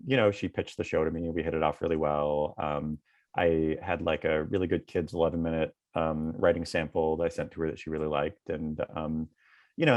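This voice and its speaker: Low-voiced guy in his 30s rambling with lots of ums and likes, dry close sound. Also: no room sound. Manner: rambling, many fillers like "um" and "like". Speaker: guest comedian and TV writer. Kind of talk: casual interview answers.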